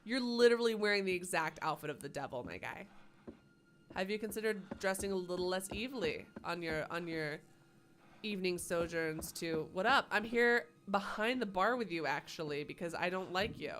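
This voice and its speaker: A woman's voice: on the low side, moderate pace, a bit bright. A woman live-streaming a game, with playful, sarcastic commentary and plenty of swearing. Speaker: gaming streamer.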